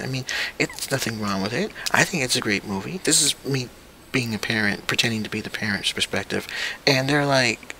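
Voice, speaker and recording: A man's voice: mid-range voice, animated, normal speed, pushed and bright, a little hiss or hum. A young man hosting his own vlog, talking in a casual, profane and incredulous rant. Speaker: vlog host.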